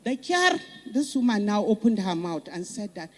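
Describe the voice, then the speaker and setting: Nigerian woman, passionate summit speaker, mellow tone, repeats for emphasis; hall reverb. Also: mid-range voice, big pitch swings, moderate pace. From northern Nigeria. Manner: fervent, repeats phrases for emphasis. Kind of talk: impassioned public speech. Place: conference hall.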